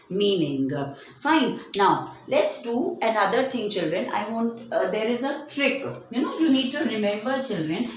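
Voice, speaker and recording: Slow, deliberate woman teacher. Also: mid-range voice. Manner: slow, deliberate, stretches out example words. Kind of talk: grammar lesson for children. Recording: very echoey room, faint hum.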